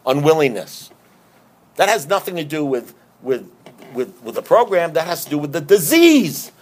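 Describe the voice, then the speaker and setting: A man's voice: fairly high pitch, very animated, moderate pace. Emphatic man giving a recovery talk. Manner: emphatic, conversational, repeats himself. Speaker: recovery speaker.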